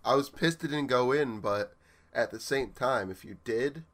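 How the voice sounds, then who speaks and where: Easygoing young man, mid-pitched voice. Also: normal speed, fairly bright tone. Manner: easygoing, wry, laughs often. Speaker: podcast co-host. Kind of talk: casual chat.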